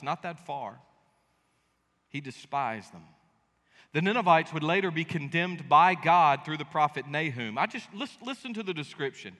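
A man pastor preaching a sermon in a church sanctuary, animated and joking as he tells the story. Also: fairly high pitch. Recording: echoey church hall.

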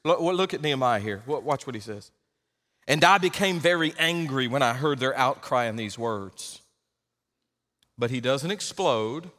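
A male pastor delivering an emphatic sermon, rising to loud exhortation. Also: medium pitch, animated, a little slow, big-room sound.

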